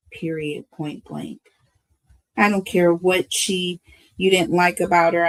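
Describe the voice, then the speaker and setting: Older woman tarot reader, slow and gravelly, emotional and preachy, talks to viewers as y'all. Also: on the low side, rough recording. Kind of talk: live tarot reading to viewers.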